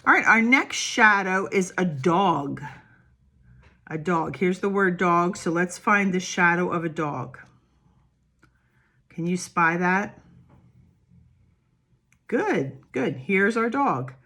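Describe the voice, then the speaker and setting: A woman's voice: fairly low pitch, sharp tone. A woman preschool teacher reading a picture book and explaining worksheets, patient and encouraging, asking the little ones questions as she goes. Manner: slow, patient and encouraging, asks the children questions. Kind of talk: reading a picture book and walking through worksheets for small children.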